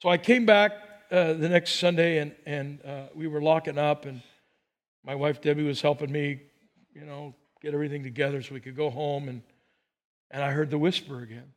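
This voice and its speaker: High-voiced humorous male pastor. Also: normal speed. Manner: humorous, animated, chuckling asides. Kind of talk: storytelling sermon.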